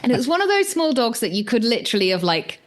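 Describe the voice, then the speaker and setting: Lively woman podcast host. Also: fairly high pitch, quick pace. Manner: animated, laughs often, acts out voices in anecdotes. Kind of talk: casual chat and storytelling.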